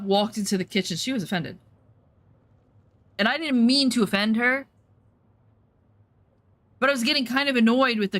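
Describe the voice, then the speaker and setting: A woman streamer with a fairly high voice chats casually while playing, telling a story bluntly and swearing freely. She speaks at normal speed with long pauses and animatedly acts out what people said.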